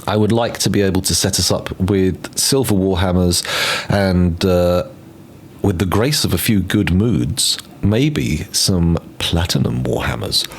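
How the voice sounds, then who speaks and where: Man streamer, very low voice, rambling playful commentary, faint background hum. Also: animated, a little slow, creaky. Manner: rambling, playful, mutters to himself while planning. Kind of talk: casual gameplay commentary. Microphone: desk microphone.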